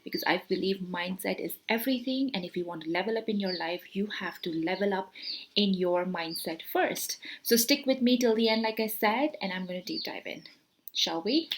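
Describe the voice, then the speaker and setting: A woman talking casually to camera as a motivational speaker, explaining with her hands, often repeating herself, filling pauses and asking herself questions. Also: mid-range voice, slight background noise. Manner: explains with hand gestures, repeats words, many fillers; animated rhetorical questions.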